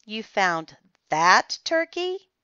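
A woman's voice: mid-range voice, very animated, very slow, pushed and bright, smooth, no room sound, pitched above the performer's own voice, exaggerated voice. A woman voicing a bossy, dramatic young girl in a children's storybook, speaking in a theatrical, insistent way. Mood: gushing. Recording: slightly dull, muffled recording.

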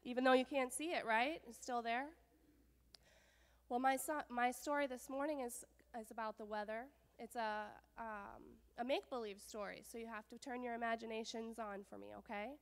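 A woman telling a children's story during a church service, lively and often asking the children questions. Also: fairly high pitch, normal speed. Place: church sanctuary. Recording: long church reverb.

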